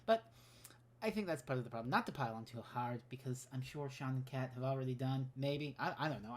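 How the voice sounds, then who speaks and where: A woman's voice: very deep voice, fast talker, a little mellow. A woman giving a heated, profanity-laced rant as a podcast guest. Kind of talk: recorded rant segment.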